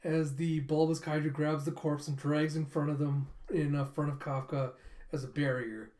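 A man excitedly recapping and reacting to a comic chapter in a rambling, casual way. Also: a little high, normal speed. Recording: roomy echo.

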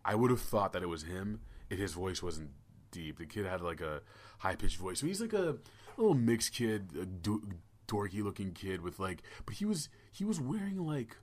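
Big pitch swings mark this man's lowish voice, delivered at a moderate pace. As host of a casual podcast, he rambles through his stories with stammered restarts and profanity.

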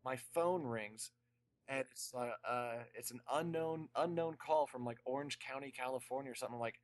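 A man's voice: mid-range voice, fairly quick. Man rambling through a story. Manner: rambling storyteller, frequent restarts and laughter. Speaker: guest musician. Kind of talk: casual podcast chat.

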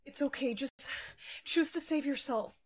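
A woman playing a frightened young girlfriend in a short skit, speaking softly and anxiously. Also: high voice, normal speed, natural voice. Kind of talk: short-video skit acting.

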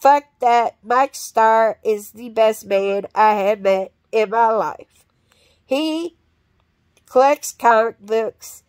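A woman rambles through a blunt, profane monologue, swearing freely. Her voice sits a little high and she talks at a slow, drawn-out pace. The sound is dry and close, with no room around it. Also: a little mellow, no echo.

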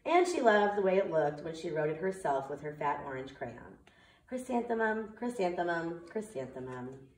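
Woman preschool teacher, slow clear sing-song delivery, circle time read-aloud, off-mic, roomy echo. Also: low voice, lively intonation, far from the mic.

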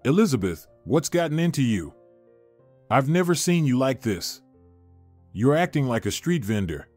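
A man's voice: mid-range voice, sing-song, moderate pace, darkish tone, faint music behind. A man voicing a suspicious, indignant husband in a narrated story, sounding sarcastic and defensive.

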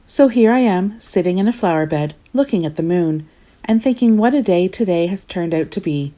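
Clumsy good-natured storybook fellow, as a woman reads him, low mellow voice, swooping lively delivery. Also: moderate pace, natural voice. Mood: rueful. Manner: lively, rueful first-person storytelling. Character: clumsy cheerful male storybook character. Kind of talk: storybook reading.

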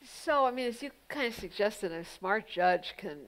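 A woman's voice: medium pitch, animated, normal speed, low-quality recording. A woman guest at a public onstage conversation, answering audience questions in a thoughtful, pointed way with frequent "you know" fillers. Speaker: guest speaker, legal journalist.

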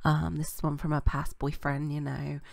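A woman's voice: low voice, flat delivery, normal speed, gravelly, no echo. A British woman hosting a gaming channel, giving casual, rambling let's-play commentary full of fillers. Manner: chatty and rambling, with many fillers.

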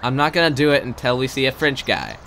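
Talking fast in a mid-range voice, a young man narrates his gameplay live. He gets excited and swears constantly, alternating between loud bursts and quiet muttering.

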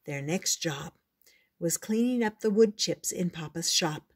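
An older woman reading a children's picture book aloud, gentle and measured. Her voice sits low and comes through husky and breathy. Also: expressive. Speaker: storyteller. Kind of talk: storybook read-aloud.

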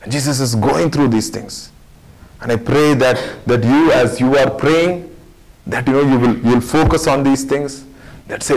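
A man's voice: mid-range voice, moderate pace, a little mellow, rough recording. A man teaching a Bible study sermon in an earnest way, repeating phrases for emphasis.

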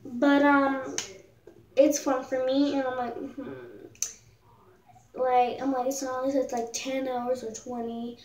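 High-voiced teen girl rambling in an echoey room. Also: level tone, takes it slowly, darkish tone, far from the mic. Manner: rambling, filler-heavy, jokey. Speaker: vlogger. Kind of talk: casual storytime chat. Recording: echoey room, voice a bit off-mic.

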